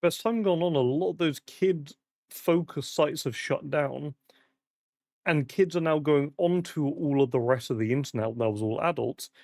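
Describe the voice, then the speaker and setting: A man's voice: fairly high pitch, moderate pace, darkish tone, dry recording, studio quality. A young British man casually chatting and rambling on a live stream, swearing often, his voice cracking in the heat. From Britain. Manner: rambling, sweary, with frequent fillers.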